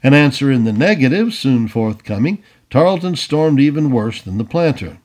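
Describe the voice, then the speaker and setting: A man narrating an old adventure story aloud in an expressive storybook reading. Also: mid-range voice, normal speed. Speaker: audiobook reader.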